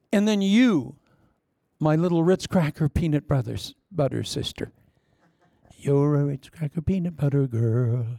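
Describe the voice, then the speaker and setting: Male preacher, fairly high gravelly voice, dry sound, animated storyteller. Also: no room sound. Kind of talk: sermon.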